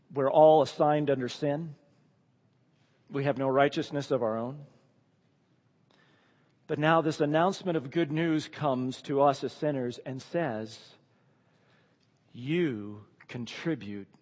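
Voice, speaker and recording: A man preaching in an earnest, emphatic way, his voice sitting a little higher than most men's. He often sinks into a soft, hushed tone. A long reverb trails each phrase, as in a large hall. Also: steady tone, measured pace, pauses often. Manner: earnest, emphatic, often drops to a quiet hush. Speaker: pastor. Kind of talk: sermon.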